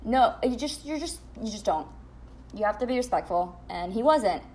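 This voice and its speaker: A woman's voice: medium pitch, lively intonation, normal speed, a little mellow. A young woman hosting a casual podcast from home, telling a story bluntly and candidly, with plenty of swearing. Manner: blunt, profane, candid venting. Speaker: podcast host.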